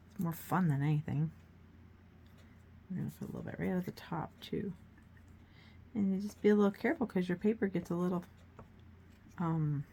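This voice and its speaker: A woman with a slightly low voice talks her way through a relaxed painting demonstration. She chats and thinks aloud, coaxing viewers to try it themselves. A faint hiss sits under her voice. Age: adult, grown child of a mother who paints. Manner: chatty, encouraging, thinking aloud while working. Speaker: art tutorial host.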